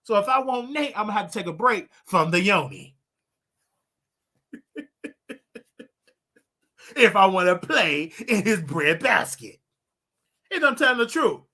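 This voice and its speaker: A man hosting his own show, ranting and preaching to his audience in a casual, animated way with loud outbursts. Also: high voice, a little slow, pauses often. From United States. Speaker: show host. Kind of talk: casual livestream rant.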